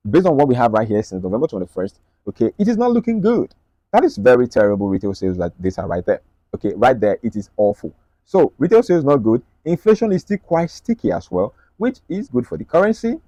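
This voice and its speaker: Fast-talking man breaking down charts. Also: medium pitch, warm tone, no echo. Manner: rapid, repetitive, checks in with "right?" and "okay?". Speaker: trading analyst. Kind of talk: screen-share market analysis.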